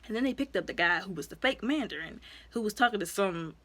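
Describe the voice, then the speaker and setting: A woman casually recapping a movie in a chatty, animated way. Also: mid-range voice, fast talker. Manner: chatty, animated, colloquial, acts out quotes. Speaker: movie reviewer.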